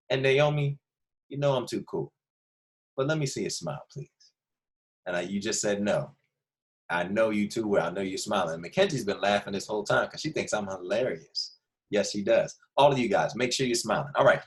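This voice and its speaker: A man with a fairly low voice teaches a second grade class online, upbeat and joking. He speaks straight to the children and calls on them by name.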